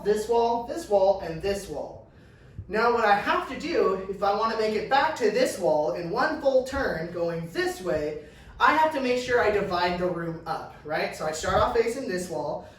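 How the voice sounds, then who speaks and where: A man teaching a dance class, counting out steps and cheering the class on in an upbeat, encouraging way, laughing now and then. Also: high voice. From California. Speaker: dance instructor. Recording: far-off mic in an echoey room.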